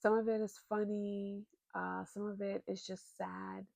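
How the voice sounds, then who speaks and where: A woman's voice: medium pitch, flat delivery, measured pace, gravelly, darkish tone, no room sound. A married woman chatting casually and expressively about books she recommends, with plenty of fillers. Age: adult, married. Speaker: book vlogger.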